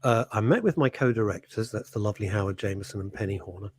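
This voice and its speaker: A man's voice: lowish voice, fast, a little hiss or hum. A man hosting a radio show, chatting and joking in a playful way. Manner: animated, jokey, breaks into silly voices. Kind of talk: casual comedic chat. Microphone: studio microphone.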